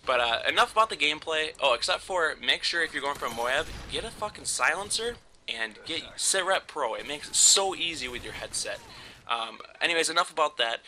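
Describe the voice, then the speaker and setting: A man's voice: fairly high pitch, expressive, a little fast, bright, forceful tone, slight background noise. A young man casually telling a story over gameplay, rambling and swearing often with frequent laughs. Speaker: gaming commentator.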